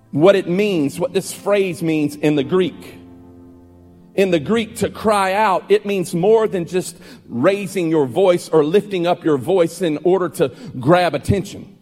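A man preaching a sermon as pastor, building to loud, ringing emphasis. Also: high-pitched. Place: church sanctuary. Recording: long hall reverb with faint music.

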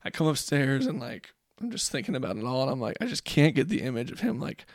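A man's voice: medium pitch, very animated, fast talker, dry recording, studio quality. A father in his thirties on a podcast, telling a rambling, reflective story about his kids with lots of filler words. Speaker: podcast co-host. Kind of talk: casual storytelling chat.

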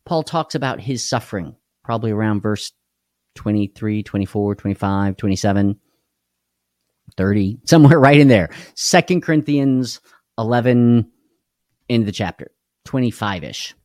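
A man's voice: lowish voice, animated, moderate pace, darkish tone, dry recording, studio quality. A man hosting a casual live devotional stream, tired and unwell, folksy and chatty, greeting viewers by name and laughing easily. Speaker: devotional livestream host.

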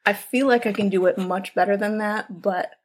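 A woman's voice: medium pitch, steady tone, moderate pace. Giggly woman reading a listener story. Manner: giggly, reads steadily. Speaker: podcast co-host reading listener stories. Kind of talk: casual chat and story reading.

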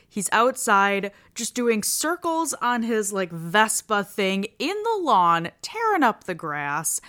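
A woman's voice: medium pitch, bright, forceful tone, smooth. A woman host recapping a reality show in a casual, crude, joking way. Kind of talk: comedic TV recap.

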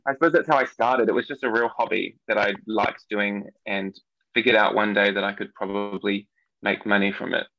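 NZ man, 30s, podcast guest, gravelly and chatty, lo-fi remote audio. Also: on the low side, fairly even intonation, a little fast, bright, forceful tone, slight background noise. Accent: New Zealand. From New Zealand. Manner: chatty and giggly, with many ums. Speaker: podcast guest, nail artist. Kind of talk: casual interview chat. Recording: dull, lo-fi dry remote audio.

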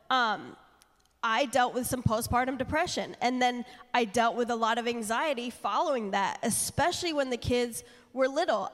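A woman's voice: a little high, fairly bright tone. A woman sharing candidly from the church platform, earnest and building in intensity as she preaches. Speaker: speaker at church. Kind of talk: sermon. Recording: long reverb of a church hall.

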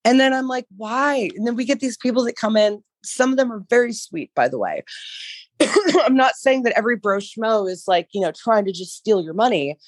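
A woman co-hosting a podcast in casual chat, hoarse from losing her voice, rambling and swearing freely. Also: fairly high pitch, fairly quick, dry recording. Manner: rambling, profane, animated. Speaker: podcast co-host, dog trainer business coach.

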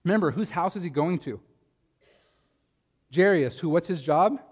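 A man's voice: on the high side, lively intonation, moderate pace, husky, big-room sound. A man preaching a sermon, talking in a conversational way and asking his listeners rhetorical questions. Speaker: pastor.

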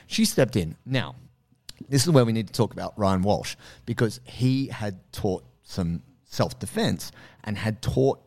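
A man hosting a podcast, telling a story in a casual, animated way, swearing freely and acting out the quotes. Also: fairly low pitch, unhurried. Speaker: podcast host.

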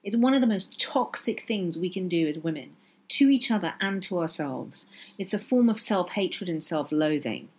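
Woman doing a solo podcast rant, lowish voice, earnest, hammers points home with repeats. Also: animated, moderate pace, darkish tone, husky. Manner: earnest, impassioned, emphatic repetition. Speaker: podcast host.

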